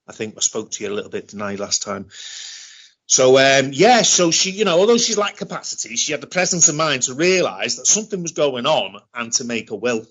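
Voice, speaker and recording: A middle-aged British man telling a personal story in an interview, halting and often repeating himself as he restarts. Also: mid-range voice, expressive, a bit bright. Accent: British English. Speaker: interview guest. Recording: dull lo-fi recording.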